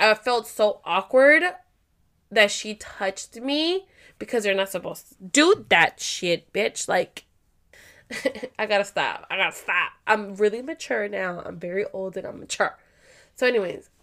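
A young adult woman vlogger casually telling a story to her viewers, animated and profane, acting out what people said. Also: mid-range voice. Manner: animated and profane, acts out quotes.

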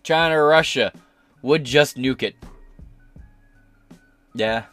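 A man's voice: mid-range voice, takes it slowly, a bit bright, faint music behind. A man hosting a podcast, giving crude, sarcastic live-stream commentary. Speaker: podcast host.

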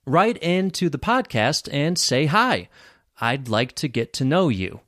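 A man hosting a podcast as an English teacher, speaking slowly and clearly for learners. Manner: careful, over-articulated teacher's delivery with lively pitch.

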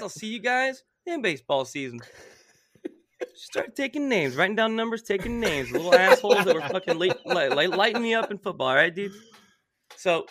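Animated, high-voiced storytelling man. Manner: animated, profane, bursts into shouts while telling a story. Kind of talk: casual storytelling.

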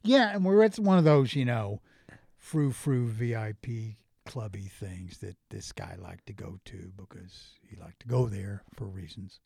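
A man's voice: fairly low pitch, lively intonation, measured pace, vocal fry, darkish tone, slightly rough, no echo, clean studio sound. A man with an Irish accent, an interview guest telling rambling stories in casual chat and laughing often.

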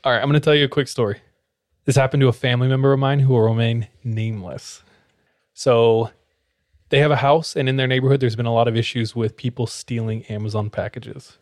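A man in casual conversation, telling a story with plenty of animation. He acts out the people in it as he goes. His voice sits at a middling pitch, recorded close in a dry room. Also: steady tone, fairly quick, a little mellow, dry recording.

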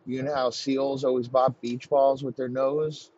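A man's voice: mid-range voice, little pitch movement, measured pace, a little mellow, dull audio, a little hiss or hum, lightly acted. A man voicing a crude, threatening adult man in a profane comedy story. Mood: lewd.

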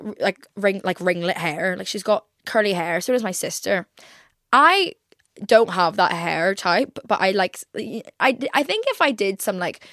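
A woman's voice: mid-range voice, fairly bright tone, no room sound, clean studio sound. A young woman in her twenties with an English accent, chatting casually as a podcast host and rambling with lots of "like". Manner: rambling, heavy use of "like". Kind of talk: casual chat.

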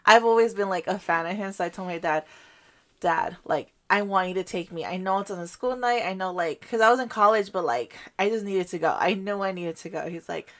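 A young woman chats casually and tells a story with a lot of "like" scattered through her sentences. She is from a Guatemalan family, and her voice sits at an ordinary middle pitch. Her storytelling is animated, and laughter breaks into it often. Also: a little fast. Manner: animated storytelling, heavy use of "like", frequent laughter. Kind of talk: casual chat.

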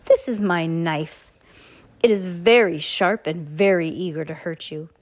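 A woman's voice: lowish voice, measured pace. A woman voicing a scheming, threatening adult male villain in a read-aloud storybook. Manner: sneering, threatening.

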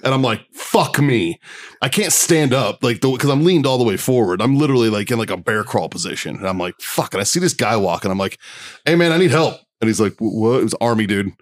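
A man's voice: fairly low pitch, quick pace, hardly any pauses. A man co-hosting a casual podcast, telling a profane military story with lots of laughter and acted-out quotes. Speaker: podcast co-host.

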